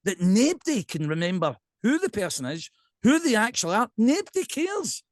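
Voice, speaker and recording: A man with a Scottish accent, a podcast guest and pipe band drummer, chatting casually in an animated ranting way and often checking in with "right?". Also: high voice, brisk, no room sound, studio quality.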